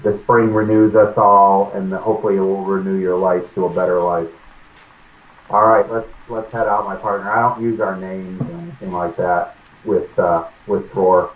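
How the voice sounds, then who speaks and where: A man's voice: low voice, level tone, normal speed. A man playing a tabletop game, talking earnestly and at length in character. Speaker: player. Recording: tinny echoey call audio.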